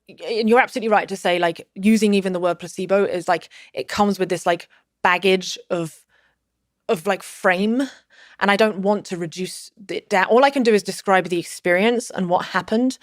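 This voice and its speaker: A woman's voice: lowish voice, dry recording, clean studio sound. A woman in her thirties, a podcast guest, telling a personal story in casual conversation, rambling with many fillers and restarts.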